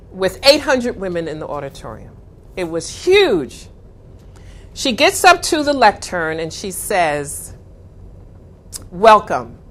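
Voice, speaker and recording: Slow, lively motivational speaker woman. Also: mid-range voice. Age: middle-aged. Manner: storytelling with dramatic pauses. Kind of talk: motivational talk.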